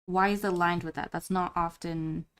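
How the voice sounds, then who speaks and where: A woman plays a curious adult woman adventurer who digs for answers while keeping her tone offhand. Her voice sits somewhat low for a woman. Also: steady tone, moderate pace, slight background noise, natural voice. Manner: casually inquisitive questioning.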